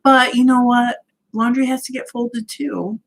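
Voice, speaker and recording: A woman's voice: fairly high pitch, steady tone, a little slow, gravelly. A woman hosting a casual livestream from home, cheerfully greeting viewers by name and reading out their comments. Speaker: livestream host.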